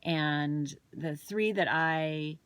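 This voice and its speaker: A woman's voice: sits low, drawn-out words, fairly bright tone, smooth, no room sound. A woman, a parent and wellness coach, chatting casually and telling a story, with some restarts and ums. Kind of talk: casual chat to camera.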